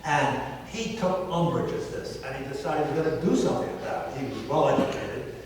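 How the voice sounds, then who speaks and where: A man's voice: on the high side, a little fast, noisy background. An older American historian gives a lecture, telling his story with wry asides. His voice rings through a big echoing hall. He sounds set back from the microphone, with faint room ambience behind him. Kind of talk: public history talk. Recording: echoey hall from far off.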